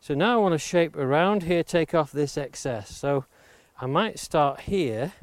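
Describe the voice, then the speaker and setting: A man's voice: on the high side, measured pace, no echo. Man explaining axe carving step by step. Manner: steady, explains each step aloud and stresses safety. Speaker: woodcarving instructor. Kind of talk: hands-on demonstration tutorial. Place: outdoors near the coast. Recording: clear background noise of chopping and clicks. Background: axe chops and clicks.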